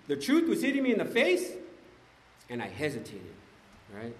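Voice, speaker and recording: A man's voice: a little high, wildly swooping pitch, normal speed, a little hiss or hum. A man giving a conversational, emphatic personal testimony at a recovery meeting, often asking "right?". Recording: echoey hall, faint ambience.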